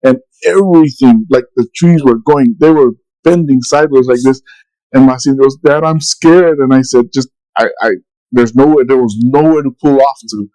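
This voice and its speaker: A man's voice: medium pitch, moderate pace, mellow, poor audio. A middle-aged man casually telling a long story on a podcast, rambling with many restarts and quoted dialogue. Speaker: podcast co-host.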